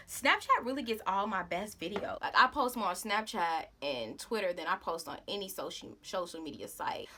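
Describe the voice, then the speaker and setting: A woman's voice: medium pitch, bright, forceful tone. A young woman, chatting casually and rambling through a makeup vlog, with dramatic outbursts. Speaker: beauty vlogger.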